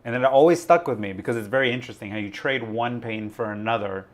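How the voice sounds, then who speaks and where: A man's voice: medium pitch, quick pace. A man hosting a crypto live stream, talking in a rambling, chatty way full of fillers. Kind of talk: casual live-stream chat.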